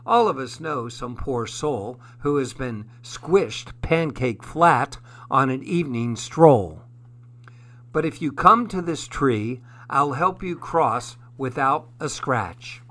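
A man's voice: mid-range voice, lively intonation, slow, fairly bright tone. A man voicing a cheerful young female pheasant in a storybook read-aloud, in an eager, exclaiming manner.

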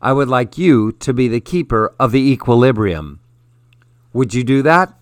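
A man's voice: medium pitch, lively intonation, normal speed, no room sound, clean studio sound, lightly acted. A man voicing a weary, stern elder woman. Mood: earnest, firm. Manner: firm and earnest.

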